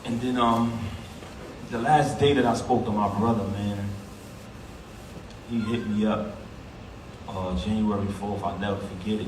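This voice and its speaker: A man's voice: lowish voice, fairly even intonation, measured pace, long pauses. A man with a New York accent giving a heartfelt eulogy at a funeral, speaking emphatically and casually, straight to the crowd. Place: funeral service in a large echoey hall. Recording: echoey hall from far off, noisy.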